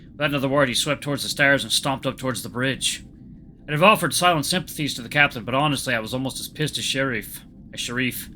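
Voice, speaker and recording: Bright-voiced man reading a game aloud. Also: mid-range voice. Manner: animated reading, playing the main character. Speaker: let's play host. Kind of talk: reading a visual novel aloud.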